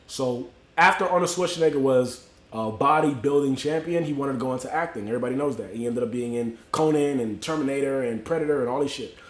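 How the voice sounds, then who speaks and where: A man's voice: medium pitch, fast, roomy sound. A man from Miami hosting a livestream, telling a motivational story in loose, slangy street talk and greeting viewers by name. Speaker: livestream host.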